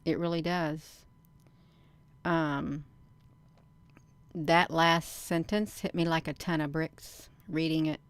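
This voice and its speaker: A woman's voice: deep voice, fairly even intonation, slow, long pauses, smooth. A woman hosting her own channel, reading a document aloud and commenting on it casually. She stresses words and repeats phrases, often calling out to viewers as "you all".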